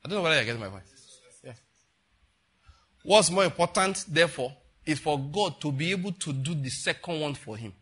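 Husky older pastor preaching. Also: male voice, fairly high pitch, expressive, fairly quick, pauses often, a bit bright. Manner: rambling, chatty, asks the audience rhetorical questions. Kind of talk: conversational sermon.

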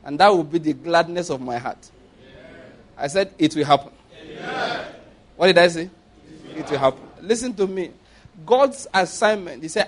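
A Nigerian man preaches in a fairly high voice. He is playful and middle-aged, and he slips into acted-out dialogue as he makes his points. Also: expressive, normal speed, pauses often. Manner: playful, acts out dialogue, laughs often. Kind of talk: sermon with acted-out stories.

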